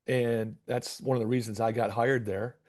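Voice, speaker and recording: A man's voice: mid-range voice, moderate pace. A middle-aged man from Michigan, a basketball coach being interviewed, telling a long story and acting out the dialogue with frequent restarts. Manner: animated storyteller, acts out dialogue, repeats words.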